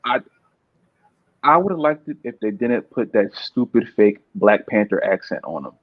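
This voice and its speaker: A man's voice: on the low side, lively intonation, measured pace, dry recording. A young man talking as a podcast guest in casual chat, rambling and repeating words, laughing often. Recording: dull, muffled dry sound.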